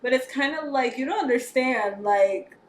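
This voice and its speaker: An American woman co-hosting a podcast, chatting casually and lively, often trailing off mid-thought. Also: high voice, moderate pace, reverberant, slight background noise. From United States. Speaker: podcast co-host. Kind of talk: casual chat.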